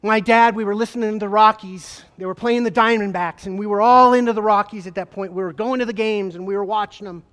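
A man, a former state trooper, gives an emotional personal testimony to an audience, telling it earnestly with halting repeats. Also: sits high, steady tone, fairly bright tone. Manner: earnest, halting storytelling with repetitions. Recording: long hall reverb.

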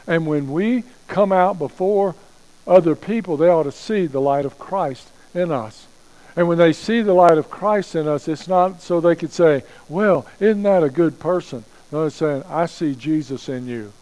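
A man preaching a sermon as pastor, slowing down to stress key phrases and asking rhetorical questions. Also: fairly high pitch, a little mellow, low-quality recording.

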